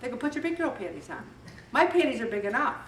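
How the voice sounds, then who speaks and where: A middle-aged woman leading a faith-based weight loss group, talking in an animated way and acting out bits of dialogue. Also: on the high side, quick pace. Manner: animated, acts out dialogue with voices. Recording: echoey room, distant mic, faint background noise.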